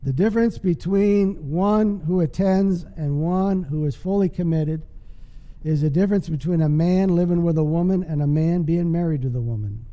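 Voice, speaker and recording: A man's voice: a little high, moderate pace, dark tone. A male pastor preaching a sermon in an emphatic, call-and-response style, checking in with the congregation. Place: church. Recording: long hall reverb.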